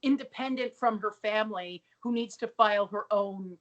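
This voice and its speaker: A woman's voice: medium pitch, normal speed, lo-fi sound. A woman co-hosting a podcast, chatting casually about a sitcom episode and acting out characters' lines. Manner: lively, chatty, acts out lines in quotes. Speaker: podcast co-host.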